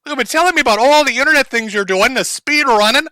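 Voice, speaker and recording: A man putting on the voice of a doting, clueless middle-aged mother, gushing and shrill in a mocking impression. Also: fast, bright, forceful tone, dry recording. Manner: gushing, shrill, sing-song.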